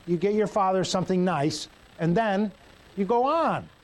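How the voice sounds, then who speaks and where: A man's voice: high voice, expressive, moderate pace, rough recording. A male pastor preaching a sermon in a church, conversational and joking with the congregation.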